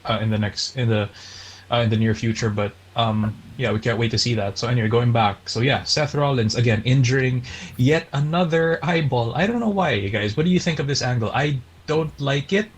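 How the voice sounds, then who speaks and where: A man's voice: medium pitch, a little fast, husky, low-quality recording. A man from the Philippines co-hosting a casual wrestling podcast, chatty and laughing often. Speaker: podcast co-host.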